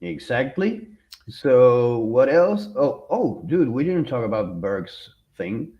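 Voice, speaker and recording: A man co-hosting a casual podcast, talking slowly but with a lively, swooping pitch. He rambles and restarts his sentences. The audio is dull and lo-fi. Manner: animated, rambling with restarts and laughter. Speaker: podcast co-host. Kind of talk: casual chat.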